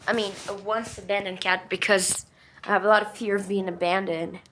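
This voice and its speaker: A woman's voice: mid-range voice, little pitch movement, fairly quick, a bit bright, a little hiss or hum. A woman telling a story in a casual, rambling way, full of fillers and emphatic swearing. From Brazil. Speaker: vlogger.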